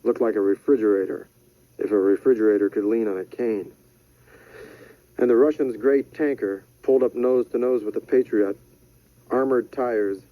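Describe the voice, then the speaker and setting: Low-voiced man narrating an audiobook. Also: dry recording. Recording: dry, slightly dull studio audio.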